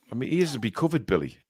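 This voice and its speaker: Man hosting a fan podcast: rambly, teasing, mid-pitched, close and dry sound. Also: a little mellow, dry recording. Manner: rambling and teasing, lots of ums and uhs. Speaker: podcast host. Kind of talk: live fan podcast chat.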